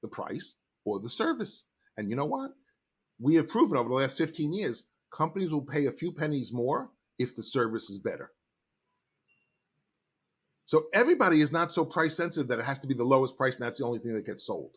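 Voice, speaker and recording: A middle-aged man, a sales trainer, telling stories in an animated, emphatic way as a podcast guest. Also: mid-range voice, brisk, slightly rough. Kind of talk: casual interview talk.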